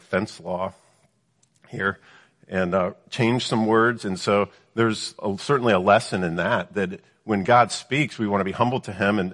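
Brief: male preacher, lowish husky voice, Bible teaching full of rhetorical questions, long hall reverb. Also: a bit bright. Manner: reads scripture then explains it, with frequent rhetorical "right?" questions.

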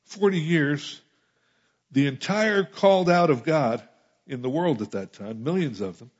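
A middle-aged man preaching a conversational sermon, building to emphatic peaks and dropping into quiet asides. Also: fairly high pitch, expressive, measured pace, slightly rough. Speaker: pastor. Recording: muffled lo-fi sound.

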